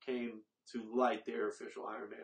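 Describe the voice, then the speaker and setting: A man's voice: mid-range voice, little pitch movement, moderate pace. A man co-hosting a casual sports watch-along podcast, joking and rambling in slangy banter. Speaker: podcast co-host.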